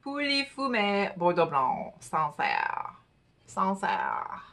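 Chatty woman vlogger with a bright clear voice, playful little asides. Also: mid-range voice, expressive, normal speed. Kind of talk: casual chat reading infographics aloud.

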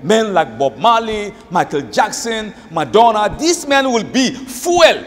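A male preacher giving an emphatic sermon, repeating key phrases and reciting verses rapidly. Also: sits high, sing-song. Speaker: Islamic preacher. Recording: echoey hall.

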